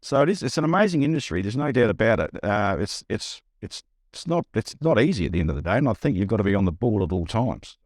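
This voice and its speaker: A middle-aged man with an Australian accent, a buyer's agent telling a lively story in a podcast interview, acting out the voices he quotes. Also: lowish voice, quick pace, few pauses, no room sound, studio quality. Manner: animated, acts out quoted voices, frequent restarts.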